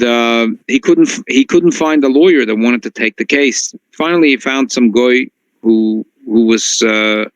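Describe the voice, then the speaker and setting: Male rabbi, mid pitch, animated storyteller with restarts and Yiddish phrases, dry close recording. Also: dry recording, poor audio. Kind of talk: storytelling class.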